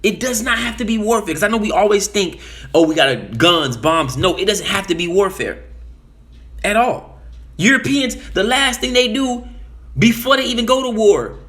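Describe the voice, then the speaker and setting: A man's voice: high voice, moderate pace, a bit bright. A man giving a casual political monologue, emphatic, often repeating and restarting phrases. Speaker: commentator.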